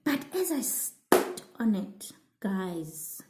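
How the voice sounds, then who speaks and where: A woman telling her viewers a childhood story in a storytime vlog, animated, often calling them "guys" and restarting her sentences. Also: medium pitch, extremely slow, echoey room, very noisy. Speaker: vlogger.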